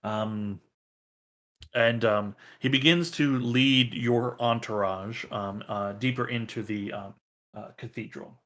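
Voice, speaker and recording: A man narrates a tabletop game as its game master, pausing often with ums and uhs. His voice sits low, and he takes his time. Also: fairly even intonation, a bit bright. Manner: halting, many ums and uhs.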